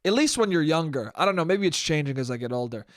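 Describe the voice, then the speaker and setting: A man's voice: a little high, expressive, fast talker, no room sound, studio quality. A young man hosting a solo podcast, rambling and cursing casually, mocking himself and often breaking into laughter. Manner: rambling, profane, self-mocking, frequent laughs. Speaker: podcast host.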